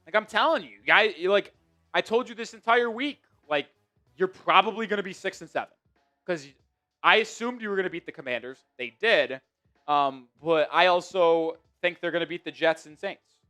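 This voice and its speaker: A man with a New York accent hosting a live sports stream, chatting excitably and swinging from mumbles to shouts. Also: sits high, moderate pace, faint music behind. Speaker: sports show host.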